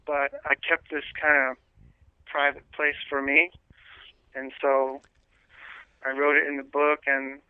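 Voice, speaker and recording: A man, a priest, earnestly telling his life story as an interview guest, pausing often with fillers and restarts. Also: medium pitch, little pitch movement, clean tone, no room sound. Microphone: telephone. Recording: tinny dry phone line.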